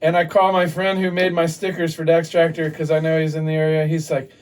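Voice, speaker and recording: A man's voice: fairly high pitch, brisk, distant mic. A man telling a rambling, profane story in casual chat, acting out what others said. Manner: animated, profane, acts out quotes. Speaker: podcast guest.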